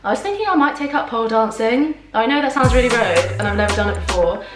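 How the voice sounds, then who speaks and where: A woman's voice: fairly high pitch, expressive, fast talker, distant mic, over loud music. A woman in her twenties, vlogging at home in a casual, chatty way full of "like" fillers. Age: 20s. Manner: chatty, lots of "like" fillers, giggly. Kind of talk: casual vlog chat. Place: home, indoors. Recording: echoey room.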